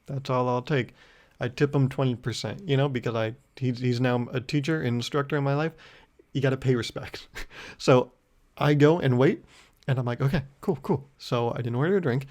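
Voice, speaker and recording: A man's voice: medium pitch, normal speed, darkish tone. A young man talks through his own podcast in a loose, rambling monologue. He mocks himself, laughs a lot, and now and then puts on a fake-outraged rant. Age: young adult. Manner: rambling and self-mocking, laughing often, with mock-indignant rants. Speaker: podcast host. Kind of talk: casual solo podcast monologue.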